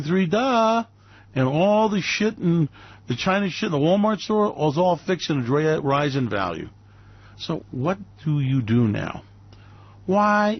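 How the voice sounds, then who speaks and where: Male radio host, sarcastic ranting monologue, raised pitch, flat lo-fi sound. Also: dry recording. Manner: mocking, theatrical, swings into put-on silly voices.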